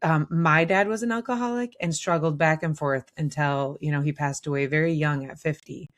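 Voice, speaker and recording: A woman's voice: low voice, moderate pace. A woman hosting a casual interview, encouraging her guest and laughing along. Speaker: podcast host.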